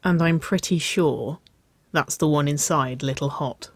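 A reader voicing an affectionate, teasing adult sister in an audiobook, soft and warm-hearted. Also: medium pitch, unhurried, no echo. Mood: tender teasing. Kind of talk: audiobook character voice.

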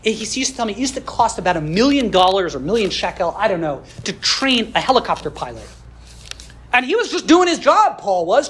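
Husky-voiced woman teaching a heartfelt class. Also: on the high side, a bit bright. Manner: earnest, heartfelt, builds with rhetorical questions; mixes in Hebrew religious terms. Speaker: Jewish history teacher. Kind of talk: recorded podcast class.

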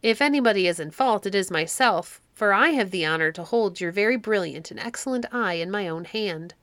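A woman voicing a courteous young male hero, speaking slowly and formally. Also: mid-range voice, lively intonation, fairly bright tone, dry recording, natural voice. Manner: courteous, deliberate.

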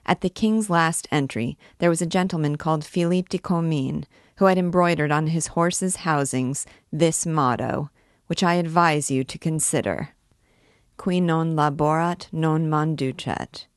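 A stern, unbending archdeacon who weighs every word, as voiced by a woman reader. The voice drops low and slows to a measured, severe pace. The sound is close and dry. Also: dry recording. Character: stern, severe male archdeacon, middle-aged.

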